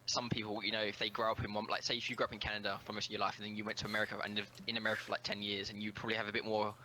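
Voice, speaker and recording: Man, lowish voice, very bright tone, rambling, tabletop role-play chat, faint hum. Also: monotone, racing, poor audio. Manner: rambling, lots of "like" and "you know". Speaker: player.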